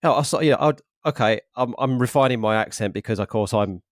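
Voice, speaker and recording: A man with an Essex accent hosting a podcast interview, chatty and quick to laugh, often restarting his sentences. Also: medium pitch, dry recording, clean studio sound. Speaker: podcast host. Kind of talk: casual interview chat.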